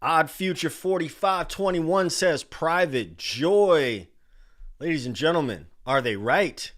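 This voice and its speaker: Animated man hosting a livestream. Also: on the high side, takes it slowly. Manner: animated, reading chat names aloud. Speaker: livestream host. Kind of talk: casual livestream countdown.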